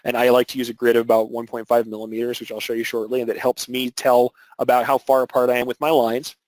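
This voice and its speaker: A man's voice: mid-range voice, level tone, fast, a little mellow, dry recording, rough recording. A man teaching an embroidery webinar, explaining technique step by step with filler words and restarts. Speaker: embroidery instructor.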